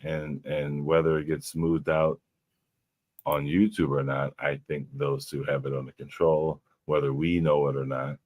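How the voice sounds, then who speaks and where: A man with a very deep voice, chatting casually and laughing easily as a guest on an online panel, with halting restarts. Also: level tone, a little mellow, dry recording. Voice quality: very deep voice, praised by others. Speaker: guest on a live stream panel. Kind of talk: casual chat.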